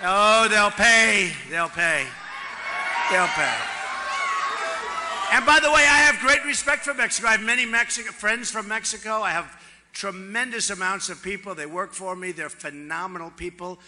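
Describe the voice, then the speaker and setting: Long reverb from a large hall surrounds a high-pitched male candidate in his sixties giving a boastful, repetitive campaign rally speech with chatty asides to the crowd. He speaks at a moderate pace, and background noise is audible.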